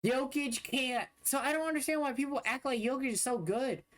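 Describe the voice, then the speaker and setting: A man's voice: very high-pitched, a little fast, a bit bright. A young man streamer giving blunt, dismissive, profane commentary while reacting to game footage. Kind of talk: casual livestream commentary.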